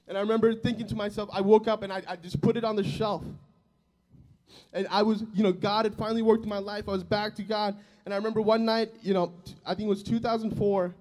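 A man in his twenties preaching a sermon, telling his own testimony in an earnest, emotional way that swells loud and drops soft. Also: high-pitched. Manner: earnest and emotional, loudness rising and falling.

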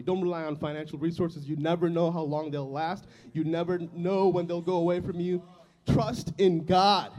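A high-pitched man in his twenties preaches a sermon built around his own testimony. He's earnest and emotional, his volume swelling loud and then dropping soft.

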